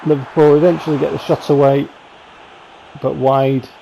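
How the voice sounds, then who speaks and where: A man talks over football game highlights in a loose, rambling way, dry and wry about his own mistakes. His voice is gravelly, with a dark, mellow tone. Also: level tone, normal speed, a little hiss or hum, rough recording. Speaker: gaming channel host. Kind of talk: casual game highlights commentary.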